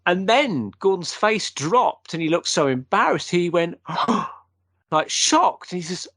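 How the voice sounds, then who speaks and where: A man's voice: high-pitched, big pitch swings, unhurried, pushed and bright, no room sound. A man hosting a paranormal show, telling long, rambling anecdotes in casual conversation.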